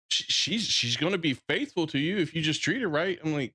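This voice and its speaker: A man's voice: a little high, animated, fairly quick, few pauses, bright, forceful tone, husky. A man with a Southern drawl ranting bluntly on a casual livestream, swearing freely and often restarting his sentences. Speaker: streamer.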